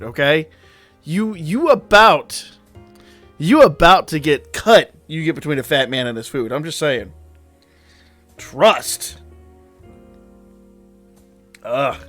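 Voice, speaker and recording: A man's voice, a little high and a bit bright, comes from a game live stream. He talks casually with viewers, rambles, swears, and replies to their messages while faint music plays in the background.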